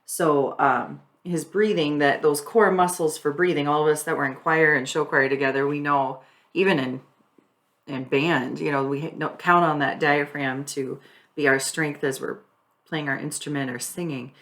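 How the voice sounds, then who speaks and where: A woman's voice: deep voice, steady tone, normal speed, fairly bright tone. A middle-aged woman explaining her husband's care plainly in casual chat, laughing often. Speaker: wife and caregiver explaining hospice care.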